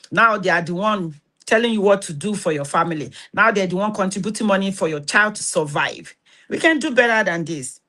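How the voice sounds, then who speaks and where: A woman's voice: medium pitch, a bit bright. A woman hosting a talk, urging listeners in an exhorting way, often repeating words as she restarts. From Nigeria. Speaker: host. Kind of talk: earnest spoken talk to camera.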